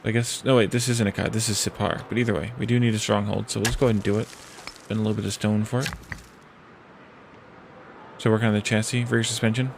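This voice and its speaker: Gravelly man thinking aloud over a game. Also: fairly low pitch, fairly even intonation, noisy background. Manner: thinks aloud, reads game event text; hesitant, with pauses and restarts. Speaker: streamer. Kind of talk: casual let's-play commentary.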